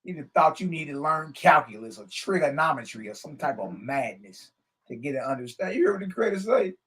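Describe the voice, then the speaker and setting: A man's voice: on the high side, very animated, brisk, a bit bright, husky. A man teaching a religious lesson, reading a scripture text aloud and breaking off into casual, laughing commentary that keeps asking "Hmm?" and "Huh?". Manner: laughs often while he talks.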